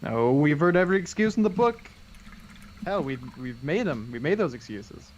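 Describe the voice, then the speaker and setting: A man's voice: on the high side, big pitch swings, normal speed, lo-fi sound, slight background noise. A man co-hosting a casual stream, bantering and laughing easily. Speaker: co-host of a painting stream. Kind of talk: casual chat.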